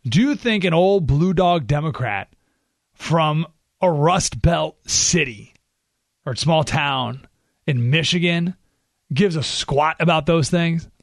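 A man hosting a political talk radio show, talking in an animated, sarcastic way. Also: a little high, slow pace, no echo, studio quality. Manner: animated, sarcastic, acts out quoted voices.

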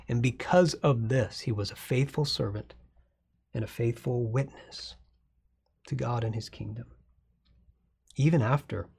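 A pastor preaching a sermon in an earnest, conversational way, with frequent fillers and restarts. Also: male voice, medium pitch, a little mellow, slightly rough.

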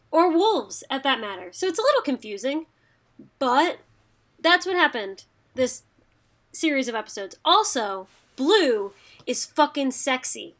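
A woman's voice: high voice, a bit bright. A woman co-hosting a casual podcast, rambling and chatty with frequent fillers. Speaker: podcast co-host. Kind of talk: casual chat.

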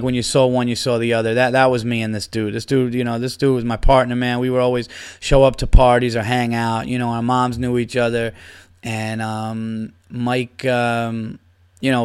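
Profane rambling man, smooth dry voice. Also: mid-range voice, dry recording. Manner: profane, rambling, laughs through stories. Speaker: podcast host. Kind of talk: casual storytelling monologue.

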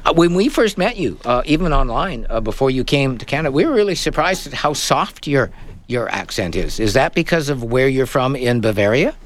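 A man hosting a tech call-in radio show in a relaxed, chatty way. His voice sits at an ordinary middle pitch. He laughs easily and reads listener notes aloud. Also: a little fast. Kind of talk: casual radio chat.

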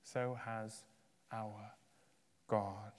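A man preaching a sermon, swinging from loud emphatic peaks to hushed, low endings. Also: little pitch movement, drawn-out words. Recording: long reverb of a large hall.

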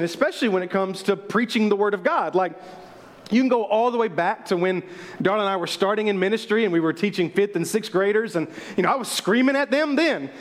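A middle-aged man preaching a sermon as pastor, passionate and building toward near shouting. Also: high voice. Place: church sanctuary.

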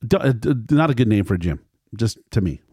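A man's voice: lowish voice, expressive, quick pace, a little mellow, husky, no room sound, clean studio sound. A middle-aged man telling a family story in casual conversation, rambling and correcting himself as he acts out quoted lines.

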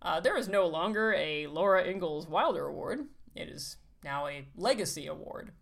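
A woman's voice: lowish voice, animated, moderate pace, vocal fry. A woman co-hosting a casual book chat, chatty and playful with jokey asides. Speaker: podcast co-host.

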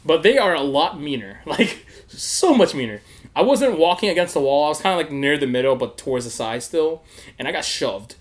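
Profane, animated young man telling a story. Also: on the high side, fairly quick. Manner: animated, laughing, profane, acts out quotes. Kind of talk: casual storytelling.

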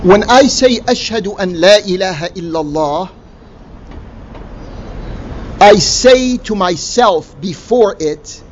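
A man's voice: fairly high pitch, normal speed, dull audio, slight background noise. A man giving a religious lecture, emphatic and full of rhetorical questions. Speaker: Islamic lecturer.

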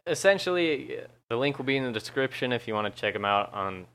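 A man's voice: medium pitch, animated, a little fast, a bit bright, smooth. A young man chatting casually on a podcast, laid-back and swearing often, laughing at himself. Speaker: YouTuber and podcast guest.

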